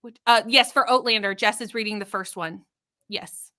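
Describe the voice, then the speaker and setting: A woman's voice: mid-range voice, moderate pace, bright, forceful tone. A woman with a Canadian accent hosting a live reading stream, chatting casually and greeting viewers by name as she reads their comments aloud. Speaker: livestream host.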